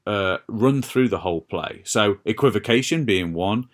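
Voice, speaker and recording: A man's voice: on the low side, animated, normal speed. A man, explaining a lesson over notes and checking in with "all right" and "okay". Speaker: English teacher.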